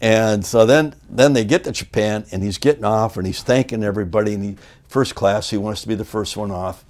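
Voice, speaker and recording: An older American man in a sit-down interview, spinning wrestling road stories. His speaking voice sits fairly low. He acts out the people in his stories with loud, high voices. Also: a little fast. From United States. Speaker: interview guest, former wrestler. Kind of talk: shoot interview storytelling.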